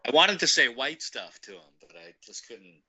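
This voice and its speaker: A man's voice: mid-range voice, sing-song, normal speed, sharp tone, husky, poor audio. A man casually telling a rambling story, laughing often and acting out the people he quotes. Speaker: guest recounting a meeting.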